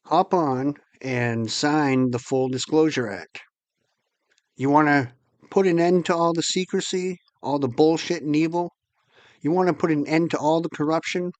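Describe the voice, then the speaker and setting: A man's voice: fairly high pitch, no echo, highs cut off. A man ranting angrily and profanely to his viewers as host of his channel. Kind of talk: angry monologue to camera.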